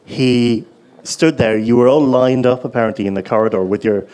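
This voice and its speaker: A man's voice: medium pitch, normal speed, warm tone. A man interviewing a fellow former radio presenter, chatty and prompting with questions and agreement. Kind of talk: conversational interview.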